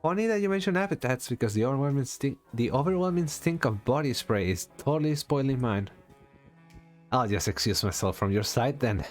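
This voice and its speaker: Man putting on a young female shopkeeper, defiant, sharp-tongued, raised pitch, soft music. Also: expressive, a little fast, close to an everyday voice.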